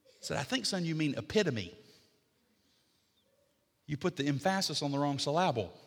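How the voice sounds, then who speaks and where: A middle-aged man preaching a sermon as pastor, building to emphatic repeated lines, then easing into quiet, conversational teaching. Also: fairly high pitch, quick pace, gravelly, in a large hall, slight background noise.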